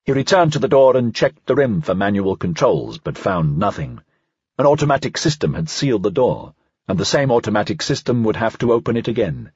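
A man giving a scripted, evenly measured narration of an audiobook. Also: medium pitch, expressive, a little mellow, slightly rough, no room sound, lo-fi sound.

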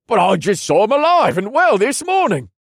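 A man voicing a fussy male guard leader who talks in a high, startled, defensive way in an audiobook. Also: big pitch swings, normal speed, vocal fry, breathy edge, no room sound, studio quality, full character voice.

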